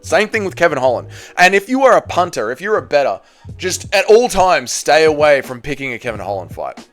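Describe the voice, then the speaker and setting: A man giving a casual, opinionated fight recap, blunt and swearing often. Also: a little high. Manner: blunt, profane, animated ranting. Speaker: MMA commentary channel host.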